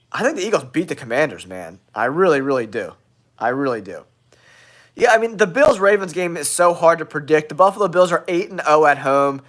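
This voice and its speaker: A man hosting a football talk show, sounding nasal from a cold, giving blunt, excitable hot takes to his viewers. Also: on the high side. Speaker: sports show host.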